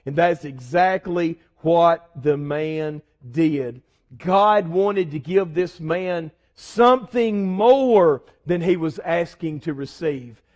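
A man preaching a sermon as pastor, swinging between loud fervor and soft asides. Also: fairly high pitch. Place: church sanctuary.

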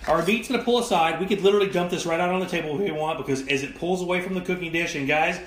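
Bright-voiced man hosting a cooking show. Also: fairly high pitch, very fast, roomy sound. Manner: animated, emphatic, jokey. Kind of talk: live cooking demo chat.

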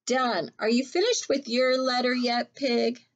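An eager little male rabbit from a picture book, all excitement and questions, as a woman reading aloud puts him on. He squeaks up high and talks slowly. The recording sounds dull and lo-fi.

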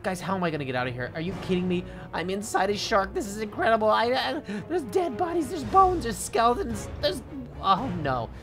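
A woman narrating a Minecraft adventure in first person as its host, excitable and stammering, often calling out to her viewers. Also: mid-range voice, fairly quick, few pauses. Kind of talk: first-person game role-play narration. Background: background music.

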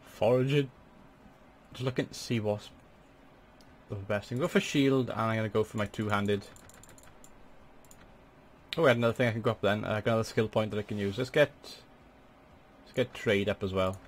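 A young man giving chatty let's play commentary as a gaming channel host, swearing in sudden excited outbursts at a desk microphone. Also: fairly low pitch, quick pace, pauses often, a little hiss or hum.

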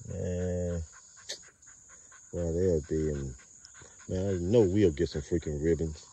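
A man's voice: sits low, steady tone, a little slow, long pauses, warm tone, recorded from a distance, a little hiss or hum. A man breeding dogs, talking loosely in rambling street slang and filming his yard on a phone. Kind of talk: casual outdoor vlog narration.

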